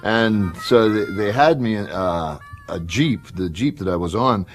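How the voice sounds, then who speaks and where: A middle-aged guest who rambles through his stories and keeps breaking into laughs. His pitch swings widely, and music is clearly audible behind him. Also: expressive, measured pace. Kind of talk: casual chat.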